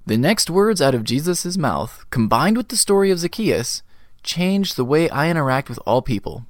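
A man's voice: mid-range voice, sing-song, normal speed, no room sound, clean studio sound. A man reading a devotional sermon, telling the scripture stories earnestly. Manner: earnest storytelling, quoting scripture.

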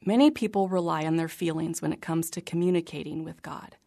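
Earnest, gravelly low woman narrator. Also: brisk. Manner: earnest, reflective, drops to a soft whisper on quiet lines. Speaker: narrator reading a personal faith memoir. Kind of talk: scripted narration.

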